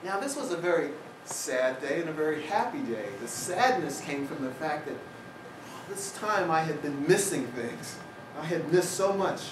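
A man with a fairly high voice tells a humorous personal story to an audience in a lecture hall. He is picked up from a distance, so his voice sounds roomy and echoey. There is a noisy background under his voice. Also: lively intonation, moderate pace. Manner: humorous, anecdotal, with wry asides. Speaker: guest speaker. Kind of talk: storytelling public talk.

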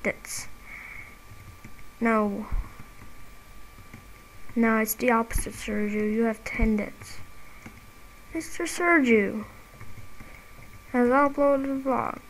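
Woman, gameplay commentary, excitable, rage-prone, apologetic, unhurried delivery, slightly high voice. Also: slight background noise, rough recording. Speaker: gamer and channel host.

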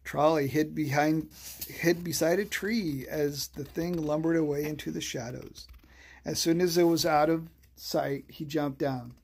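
A storyteller reading a children's bedtime story aloud, slow and soothing. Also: mid-range voice, steady tone, vocal fry, a little mellow, slightly rough.

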